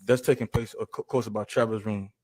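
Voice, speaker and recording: Brief: young male trial witness, low flat voice, halting testimony, dry courtroom mic. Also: no echo. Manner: hesitant, halting, many restarts.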